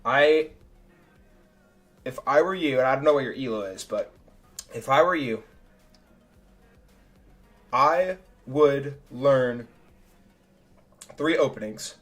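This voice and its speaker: A man's voice: mid-range voice, takes it slowly, pauses often, a bit bright, soft background music. A young man streaming live, walking through his chess games move by move in casual, slangy talk and thinking aloud. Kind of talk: live game review commentary.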